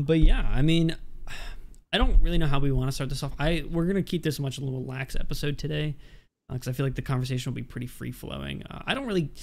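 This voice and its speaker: A man's voice: on the high side, gravelly, a little mellow. A man hosting a casual podcast chat, rambling and correcting himself as he jokes around. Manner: rambling, self-correcting, joking. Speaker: podcast host.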